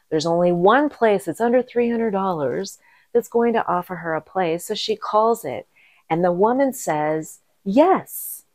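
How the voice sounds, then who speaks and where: A middle-aged woman casually telling a story, animated, breaking into sudden high exclamations. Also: dry recording.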